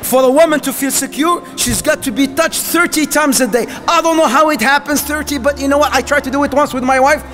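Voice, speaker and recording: A man giving a lively sermon about marriage, acting out small everyday scenes as he goes. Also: very high voice, fairly quick, hardly any pauses, soft background music. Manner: animated, acts out little scenes. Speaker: preacher.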